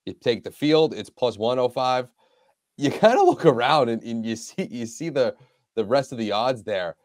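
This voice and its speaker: A man's voice: medium pitch, expressive, normal speed, a little mellow, dry recording, studio quality. A man co-hosting a casual sports podcast in an easygoing, laid-back way. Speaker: podcast co-host.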